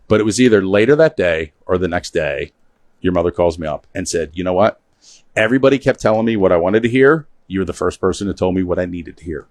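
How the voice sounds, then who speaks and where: A man hosts a relaxed studio chat, spinning jokey stories and reading out viewer comments. His voice sits fairly low and sounds dry and close to the mic. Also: dry recording. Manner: storytelling, joking, reads viewer comments aloud. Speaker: show host. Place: small studio.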